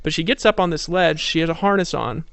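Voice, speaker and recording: A man's voice: fairly high pitch, expressive, fast talker, gravelly, fairly bright tone, no room sound. A man giving a persuasive motivational sales talk, telling stories and firing off rhetorical questions. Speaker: network marketing presenter.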